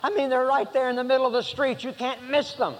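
A man's voice: very high-pitched, steady tone, fast talker, long reverb tail, poor audio. A man preaching a sermon, rambling with many fillers and restarts, then building to emphatic passages.

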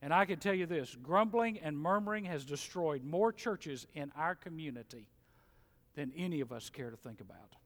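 A middle-aged man preaching a sermon in a church, folksy and animated, mimicking grumblers. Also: on the high side, normal speed. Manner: animated, folksy, mocks complainers in mimicking voices. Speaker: pastor. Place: church sanctuary. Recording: long hall reverb.

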